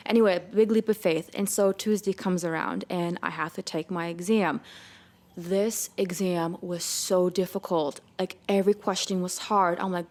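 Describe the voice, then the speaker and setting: A young woman, a podcast guest, telling a lively personal faith story and acting out her own thoughts in quotes. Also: lowish voice, normal speed. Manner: animated storytelling with quoted inner dialogue. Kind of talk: casual faith testimony.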